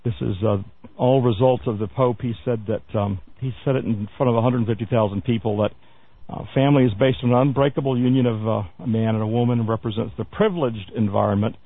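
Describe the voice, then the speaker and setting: A radio show host with a rough, gravelly, medium-pitched voice runs a talk radio news segment at a quick pace and a steady tone. He stumbles through fillers and restarts, adds wry asides, and sounds thin and boxy, like he's on a phone line.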